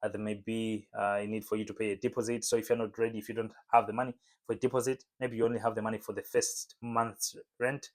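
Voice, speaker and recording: A man talking casually to camera in a home vlog, relaxed and chatty with lots of fillers. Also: on the low side, fast. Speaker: vlogger. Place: home room lit by a window.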